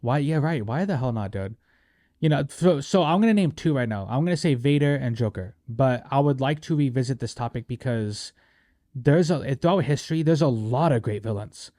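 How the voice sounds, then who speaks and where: A man's voice: mid-range voice, dry recording, studio quality. A young man hosting a casual movie review podcast, joking around and acting out quotes in silly voices. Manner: animated, jokey, acts out quotes in silly voices. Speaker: podcast host.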